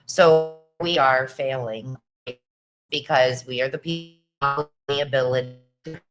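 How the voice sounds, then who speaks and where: A woman co-hosting a podcast, talking earnestly about health with many pauses and ums. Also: a bass voice, fairly even intonation, over music, low-quality recording. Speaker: podcast co-host. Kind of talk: casual health talk.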